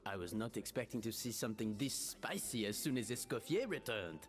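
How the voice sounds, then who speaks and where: An actor with a French accent playing a theatrical, courtly gentleman host in a game, with flowery speech and lively pitch, in audio with long reverb. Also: a little fast, faint music behind. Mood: grandiose.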